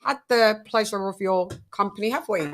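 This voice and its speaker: A woman's voice: medium pitch, normal speed. A woman from the UK hosting a boxing livestream, chatting playfully with guests and greeting her chat with frequent laughs. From United Kingdom. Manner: chatty, playful, laughs often, gives shout-outs to chat. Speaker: livestream boxing show host.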